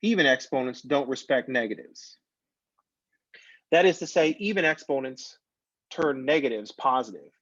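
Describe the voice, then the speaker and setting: A man's voice: mid-range voice, animated, moderate pace, long pauses, fairly bright tone, no echo, muffled recording. A man teaching a math class in a recorded lecture, talking in a conversational, jokey way that drifts off topic. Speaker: math instructor.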